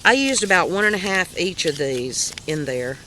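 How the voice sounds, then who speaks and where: A woman's voice: on the low side, very animated, moderate pace, pushed and bright. Southern woman host, chatty show-and-tell, laughs at herself, faint noise behind. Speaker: crochet podcast host. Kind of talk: casual show-and-tell chat.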